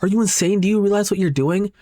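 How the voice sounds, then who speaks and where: A man voicing a horrified young woman in a dramatic reading of a horror manga, shouting in alarm. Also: high voice, fast, no echo, voice pushed up, lightly acted.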